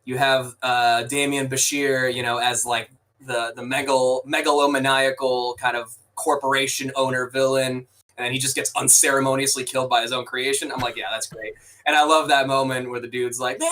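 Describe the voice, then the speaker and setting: A mid-range, slightly bright voice belongs to this podcast co-host, who chats loosely about a movie with restarted sentences and the odd curse. The sound is rough and recorded from a distance.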